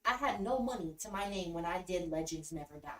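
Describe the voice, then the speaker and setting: A woman guest telling her story in casual conversation, blunt and heated, swearing freely and filling in with "like" and "boom". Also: expressive, a little fast, recorded from a distance. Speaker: podcast guest. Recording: roomy, set back from the mic.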